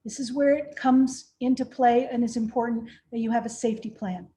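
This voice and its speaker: A woman's voice: a little high, steady tone, fairly quick, warm tone, a little hiss or hum. Woman giving a practical training talk. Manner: practical, repeats "right?" to check understanding. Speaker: conference trainer. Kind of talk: training presentation.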